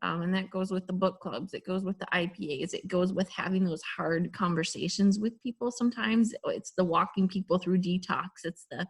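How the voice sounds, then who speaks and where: A woman shares an encouraging story with her team in an earnest, conversational way. Her voice is somewhat husky. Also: on the low side, fairly even intonation, brisk, few pauses. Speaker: team leader in a group call. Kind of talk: motivational casual talk.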